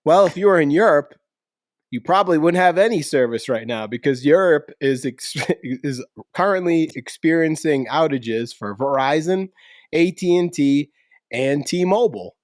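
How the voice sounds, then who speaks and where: A man hosting a casual talk show, animated and slangy, with lots of fillers like "like" and "dude". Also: a little high, moderate pace, dry recording, studio quality. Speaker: podcast host. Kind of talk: casual chat.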